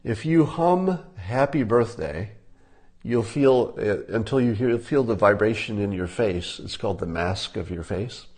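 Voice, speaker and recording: Older man giving relaxed spoken advice. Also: on the low side, measured pace. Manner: relaxed, conversational, demonstrating examples. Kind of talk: casual advice monologue.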